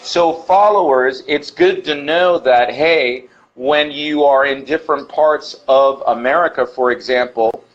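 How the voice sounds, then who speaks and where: A man's voice: mid-range voice, unhurried, hardly any pauses, muffled recording. A man from New Jersey interviewing a guest in a casual chat, often giving encouraging replies.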